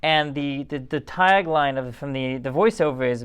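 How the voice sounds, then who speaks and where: A man's voice: fairly high pitch, moderate pace, hardly any pauses, a bit bright, clean tone. A tired man giving a casual, rambling Torah talk as a rabbi, in a conversational and digressive way.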